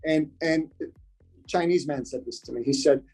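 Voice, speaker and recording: Husky guy on a podcast, earnest, keeps circling back to his point, a bit high-pitched. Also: moderate pace, a little mellow, low-quality recording. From United States. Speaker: podcast guest. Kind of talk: casual interview talk.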